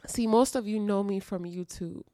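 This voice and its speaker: A woman's voice: mid-range voice, normal speed, dark tone, no room sound, studio quality. A woman hosting her own podcast, speaking emotionally and earnestly and repeating phrases for emphasis in an intimate confessional monologue. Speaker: podcast host. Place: dark room at home.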